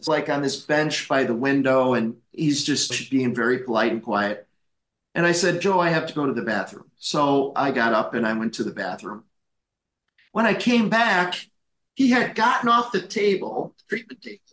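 Animated storyteller man, fairly high voice. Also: roomy sound. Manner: animated, laughs often, acts out the voices in his stories. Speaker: guest chiropractor. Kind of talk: anecdotal storytelling.

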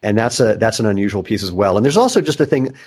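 Low-voiced man hosting a movement podcast. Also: lively intonation, fast talker, darkish tone, breathy edge. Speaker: podcast host. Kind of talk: casual conversation.

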